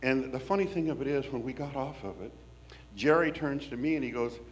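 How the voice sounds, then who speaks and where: A man from Washington State, telling a personal story in an animated, folksy, wry way. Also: medium pitch, a little fast.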